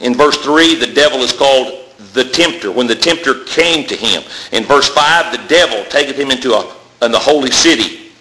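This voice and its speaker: A man's voice: mid-range voice, normal speed, pushed and bright, slight background noise. A man preaching a sermon, calling his listeners brethren and building long repeated lists, in a church. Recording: echoey room.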